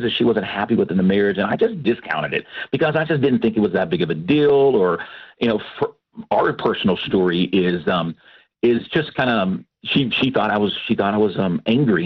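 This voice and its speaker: A man, a pastor and Christian counselor, telling his testimony with earnest, animated storytelling. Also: lowish voice, husky, highs cut off. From Texas. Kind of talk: testimony in a radio interview.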